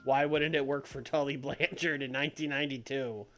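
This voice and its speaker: A man's voice: medium pitch, fairly even intonation, a little fast, fairly bright tone. A man streaming a game with casual commentary, making wry, muttered asides and laughing often. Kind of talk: casual let's-play commentary.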